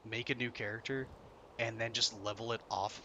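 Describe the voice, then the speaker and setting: A man's voice: medium pitch, fairly even intonation, normal speed, sharp tone, a little hiss or hum. Ranting, swearing young male streamer. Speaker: game streamer. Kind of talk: frustrated live-stream commentary. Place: home room while streaming.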